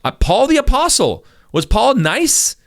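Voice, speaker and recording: A male pastor, talking on a podcast and telling stories, acting out quotes in loud bursts. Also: extremely high pitch, measured pace. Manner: animated storyteller, acts out quotes in bursts. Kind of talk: casual podcast conversation.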